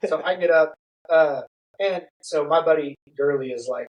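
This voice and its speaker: Middle-aged male podcast guest, higher register, lively anecdote delivery with voiced quotes. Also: normal speed, low-quality recording. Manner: animated, laughing, acts out quotes. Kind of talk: casual storytelling.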